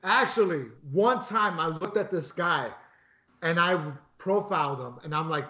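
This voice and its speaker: A man telling animated stories and swearing freely, his voice a little high for a man. The sound is roomy and echoey, with a dull, lo-fi quality. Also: moderate pace. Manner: animated storyteller, swears a lot. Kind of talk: casual chat.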